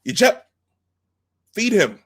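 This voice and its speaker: A man voicing a barking, angry male Klingon commander and shouting his orders in a commanding way, as an impression while retelling a film scene. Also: sits high, very animated, slow, slightly rough, pitched above the performer's own voice, exaggerated voice.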